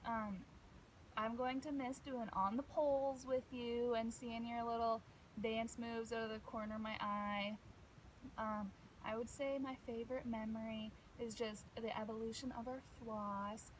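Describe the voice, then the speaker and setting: Rambling young woman, slightly high voice. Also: level tone, a little slow, a little hiss or hum, rough recording. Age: young adult. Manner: warm and rambling, many fillers. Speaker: college softball teammate. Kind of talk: recorded farewell message.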